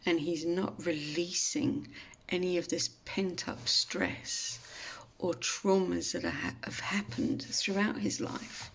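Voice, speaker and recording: A woman giving a mindfulness talk, telling a story in a slow, gentle, reflective manner. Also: lowish voice, creaky. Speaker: mindfulness speaker.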